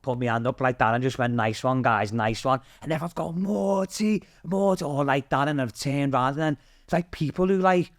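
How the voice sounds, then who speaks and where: A British man speaking as a podcast guest, with a voice pitched squarely in the middle of the male range. He tells his story animatedly, swears freely and acts out the other people in it. The recording is dry and close, with no room sound. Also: fairly even intonation, a little fast, dry recording. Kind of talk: casual storytelling.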